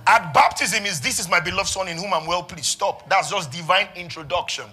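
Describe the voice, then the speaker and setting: Impassioned preaching man, bright high voice. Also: fairly quick, breathy edge, faint music behind. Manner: impassioned preaching that swings from hushed to shouting. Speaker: pastor. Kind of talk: sermon.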